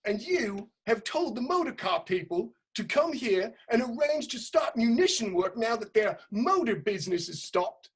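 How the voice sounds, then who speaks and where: A woman's voice: a little high, very animated, moderate pace, hardly any pauses, breathy edge. Woman playing a blustering pompous English lord. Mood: outraged. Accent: put-on upper-class English. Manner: indignant, self-important, prone to outbursts. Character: pompous, blustering male aristocrat official. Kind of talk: comic stage reading. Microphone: home setup, remote quarantine recording.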